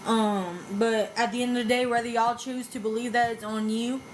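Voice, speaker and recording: A high-pitched woman with a drawl answers her critics bluntly and defensively, swearing as she goes. Faint noise hums behind her voice. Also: steady tone, moderate pace, low-quality recording. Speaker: vlogger reacting to videos. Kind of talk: casual reaction commentary.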